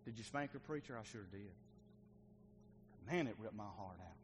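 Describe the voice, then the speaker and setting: A middle-aged male pastor preaching a sermon, swinging between loud and hushed delivery. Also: fairly low pitch, animated, normal speed, noisy background. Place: church sanctuary.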